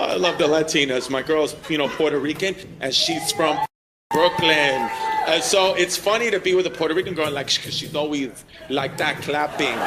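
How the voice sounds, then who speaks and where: Brash high-voiced male stand-up comic. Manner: brash, teasing banter with the audience. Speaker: stand-up comedian. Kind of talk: crowd work stand-up. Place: comedy show venue with live audience. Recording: live room with crowd laughter and noise.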